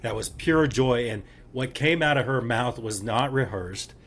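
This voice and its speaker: A man's voice: mid-range voice, animated, unhurried, a bit bright, a little hiss or hum. Earnest middle-aged man on a podcast. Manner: earnest, emphatic, reflective. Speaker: podcast co-host. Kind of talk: casual opinionated chat.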